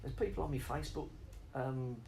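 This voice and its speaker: A man's voice: medium pitch, brisk, gravelly, mellow, slight background noise, poor audio. A middle-aged man rambling off on tangents in a casual interview, swearing freely as he talks about spoken word.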